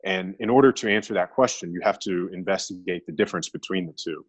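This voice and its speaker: A man speaking as a guest in a casual conversation, telling his experience in a relaxed way full of "you know" and "like". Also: low-pitched, fast, no room sound. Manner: relaxed, filler-heavy storytelling.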